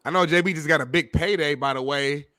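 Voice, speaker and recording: A man co-hosting a sports talk show, joking around in an easygoing way. His tone is bright and a little high. The sound is dry and close. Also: quick pace, dry recording. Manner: laid-back, joking, playful. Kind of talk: casual chat.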